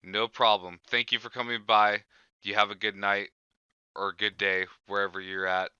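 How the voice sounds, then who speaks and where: A laid-back man hosts a casual chat and swears offhandedly. His voice is very bright and crisp and sits a little low, heard dry and close through a dull lo-fi microphone. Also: flat delivery, normal speed, no echo. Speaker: podcast host. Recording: dull lo-fi mic.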